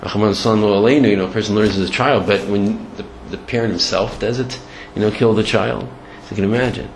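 A man giving a storytelling Torah lecture in a halting way, with many restarts and Hebrew and Yiddish terms. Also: fairly low pitch, fairly even intonation. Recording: echoey room, faint background noise.

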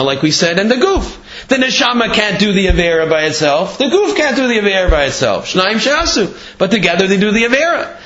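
A man teaching a Torah class in a sing-song, animated study-hall style, mixing in many Hebrew terms. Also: high-pitched. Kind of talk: Torah class on Gemara and Midrash. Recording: echoey, dull lo-fi room recording.

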